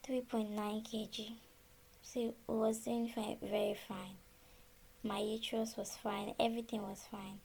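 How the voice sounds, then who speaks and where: With a creaky, fairly high voice and a slightly slow pace, a Nigerian woman who seems to be in her thirties casually recounts her birth story. She brings it to life by acting out conversations in quoted dialogue, and there's a faint hiss or hum.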